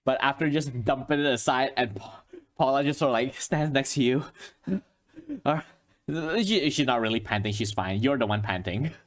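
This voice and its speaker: A man narrating as game master, rambling with lots of fillers and soft chuckles. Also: medium pitch, normal speed.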